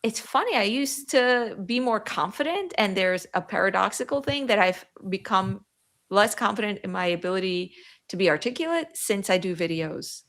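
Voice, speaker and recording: Woman, Yiddish accent, podcast guest, talkative, cuts herself off mid-thought, middling pitch. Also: animated, normal speed, a bit bright. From New York, USA. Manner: chatty, interrupts herself mid-sentence. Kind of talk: podcast conversation.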